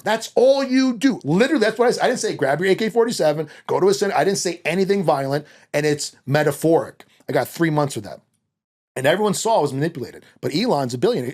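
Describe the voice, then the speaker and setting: A man talking as a podcast guest in a fast, heated, profane rant. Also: a little high. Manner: fast, animated, profane ranting.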